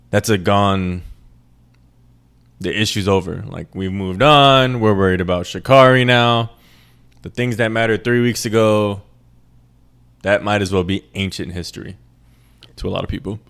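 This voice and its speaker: A man's voice: on the low side, a bit bright. A young man from a Puerto Rican family raised in New York, ranting in a rambling, profane, joking way as a podcast host. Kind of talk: casual monologue.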